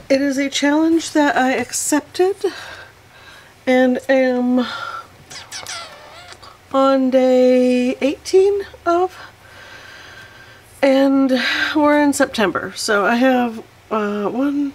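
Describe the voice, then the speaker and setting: A woman's voice: sits high, darkish tone, low-quality recording. A woman hosting a casual watercolor tutorial, chatty and self-deprecating as she narrates each painting step.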